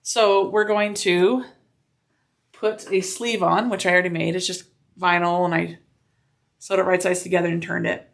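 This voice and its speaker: Gushing, slightly gravelly woman sewing. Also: on the low side, normal speed, pauses often. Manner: gushing and excitable, talks to herself while working. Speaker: sewing demonstrator. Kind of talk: casual sewing demonstration.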